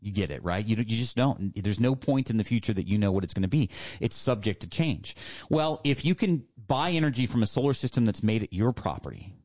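Emphatic male radio host making a pitch. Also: lively intonation, brisk, a little mellow. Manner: emphatic, persuasive, repeats key points.

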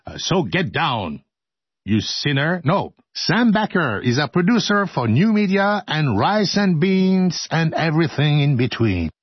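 A husky-voiced man reads radio script and keeps breaking into jokes and bits of song. His pitch swings widely as he banters. The sound is dry and a little dull, close in a studio. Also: very animated, a little slow, no room sound. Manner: playful, joking, breaks into laughter and singing. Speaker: radio host. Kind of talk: outtakes of scripted radio narration.

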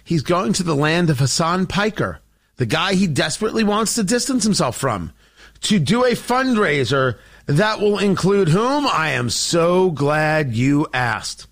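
A man's voice: a little high, very animated, unhurried, fairly bright tone. A man hosting a political commentary show, delivering an opinionated monologue with sarcasm and theatrical asides to his audience.

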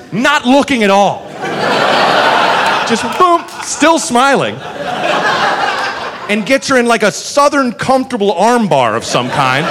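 A man doing stand-up, telling a long story with swearing and quick acted-out voices for the people in it. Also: high-pitched. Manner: animated, swearing, acts out characters in quick voices. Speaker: stand-up comedian. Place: comedy club stage. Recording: live room with faint crowd and noise.

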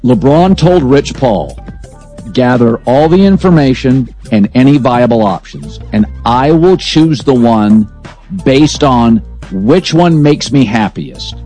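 A man's voice: medium pitch, animated, slow pace, mellow, faint music behind. A man hosting a sports talk show, delivering emphatic opinions in punchy lists.

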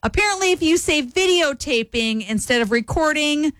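A woman radio host in casual on-air chat, reading out a list with quick chatty asides. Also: high-pitched, animated, a bit bright, no room sound.

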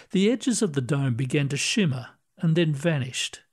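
A man reading short stories aloud in a calm, measured manner. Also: on the high side, husky. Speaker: narrator. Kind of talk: storybook reading.

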